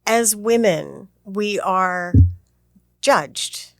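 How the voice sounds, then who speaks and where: A woman's voice: mid-range voice, extremely slow, a bit bright, no echo, clean studio sound. A woman co-hosting a talk, thoughtful and explanatory in manner. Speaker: co-host. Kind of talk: reflective conversation.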